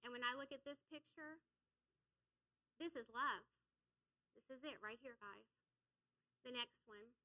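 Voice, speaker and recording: A middle-aged woman pastor preaching a sermon in a church, energetic and leading the congregation in call-and-response. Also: a little high, unhurried, long pauses, poor audio. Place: church sanctuary.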